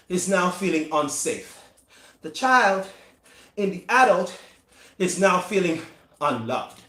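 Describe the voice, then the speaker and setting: A man coaching in a live-streamed motivational talk, emphatic and repetitive, with dramatic pauses, riding an exercise bike. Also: sits high, pushed and bright. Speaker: performance coach. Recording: roomy echo.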